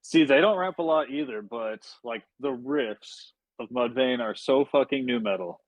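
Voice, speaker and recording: A relaxed man chatting on a music podcast at a middle pitch, swearing easily and padding with plenty of ums and likes. His voice sits in a dead-dry room with no echo. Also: normal speed. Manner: laid-back, swears freely, many fillers. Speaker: podcast guest. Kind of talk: casual podcast chat. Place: podcast studio.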